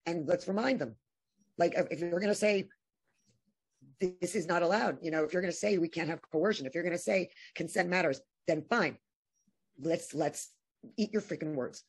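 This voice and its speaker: Husky woman talking fast and heated. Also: on the low side. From New York. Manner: emotional, halting, many restarts. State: tearful at times. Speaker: guest. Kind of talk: impassioned conversational interview.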